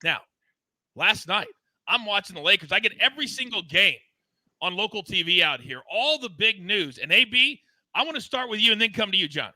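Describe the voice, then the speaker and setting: Hyped high-voiced man hosting a show. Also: expressive, brisk, bright, forceful tone, no echo. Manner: hyped, emphatic, repeats phrases. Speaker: show host. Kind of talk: energetic betting show banter.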